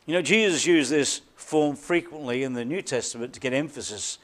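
A pastor delivering a sermon, preaching emphatically with deliberate repetition and dramatic drops to a quiet voice. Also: male voice, mid-range voice.

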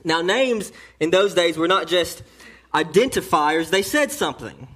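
A pastor preaching a sermon in church, emphatic and swinging between hushed and loud phrases, often restarting a line as he builds his point. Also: fairly high pitch, expressive, measured pace.

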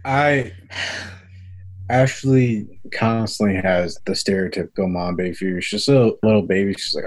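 A young man, a father, telling stories in a relaxed way with lots of fillers during an interview. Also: fairly low pitch, moderate pace. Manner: relaxed, filler-heavy storytelling. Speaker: parent of an autistic child. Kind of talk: interview conversation.

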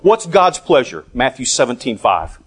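A man preaching a sermon, deliberate and emphatic, with long pauses. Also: mid-range voice, very animated, husky.

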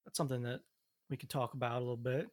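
A man's voice: medium pitch, fairly even intonation, racing, a little mellow. A man in casual chat, recounting events in a laid-back, step-by-step way.

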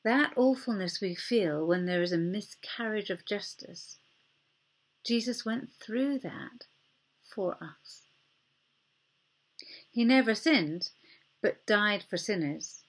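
Husky-voiced woman preaching gently. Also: medium pitch, expressive, slow pace, pauses often. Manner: gentle, conversational, drops to near whispers. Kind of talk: sermon.

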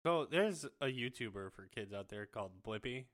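Animated, cursing young father. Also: medium pitch, moderate pace. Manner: animated storytelling, swears freely. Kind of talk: casual chat.

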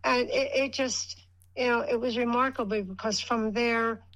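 A woman's voice: on the high side, fairly even intonation, moderate pace, fairly bright tone, rough recording. An older woman, a guest on a radio show, rambling through a personal story and acting out what people said. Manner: rambling, acts out quoted dialogue in her story. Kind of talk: casual storytelling.

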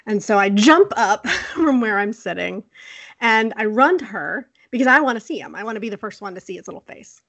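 A woman co-host tells a family story in a casual, animated way and laughs as she talks. She acts out the people in it. Her voice sounds dry and close, with little room sound. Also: medium pitch, a little fast, creaky, no echo. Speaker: podcast co-host.

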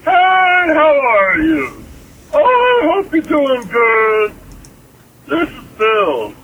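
A man's voice: very high-pitched, wildly swooping pitch, extremely slow, bright, forceful tone, slight background noise, pitched above the performer's own voice, exaggerated voice. A man voicing a grumpy, preachy male caller in a comic phone-call sketch. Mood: friendly. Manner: preachy, scolding. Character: grumpy scolding male caller, middle-aged.

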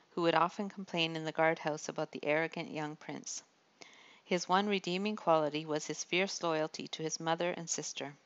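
A woman narrating an audiobook in an even, measured storytelling manner. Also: low voice, lo-fi sound. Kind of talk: scripted narration of a historical novel.

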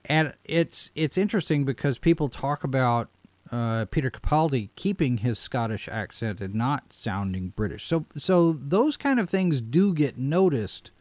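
A man co-hosting a casual chat over a video call, talking conversationally with quick asides. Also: mid-range voice, lively intonation, darkish tone, no echo. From United States. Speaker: podcast co-host.

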